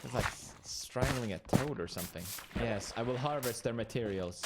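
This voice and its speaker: A man's voice: medium pitch, animated, moderate pace, few pauses, heavy background noise. A young man streaming a game, giving playful, jokey commentary and talking to the characters on screen. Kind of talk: gameplay commentary.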